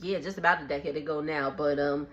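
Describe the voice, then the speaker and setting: A woman recapping a reality show in a casual, animated way, laughing often and acting out what people said. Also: low-pitched, quick pace, dull audio. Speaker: recap vlogger.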